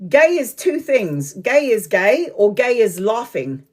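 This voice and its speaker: A woman's voice: a little high, sing-song, slow, darkish tone, breathy edge. A woman doing a live tarot reading, chatting and often laughing while she talks, now and then stretching out phrases for emphasis. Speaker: tarot reader.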